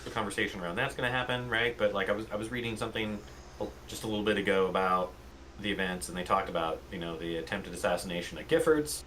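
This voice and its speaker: A man co-hosting a casual political podcast, explaining events in a measured way. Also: fairly low pitch, fairly bright tone, poor audio. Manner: measured, explains facts, with restarts. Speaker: podcast co-host. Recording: faint background noise.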